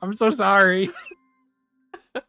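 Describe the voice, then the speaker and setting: An excitable streamer chatting casually on a game stream, often pleading and groaning loudly. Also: medium pitch, extremely slow, gravelly, clean tone, no room sound. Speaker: streaming guest.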